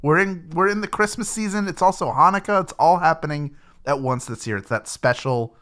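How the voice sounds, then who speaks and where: A man's voice: on the high side, fairly quick, a bit bright. A man hosting a podcast, joking and wrapping up the episode in a casual chat. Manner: jokey, wraps up the show. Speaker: podcast host.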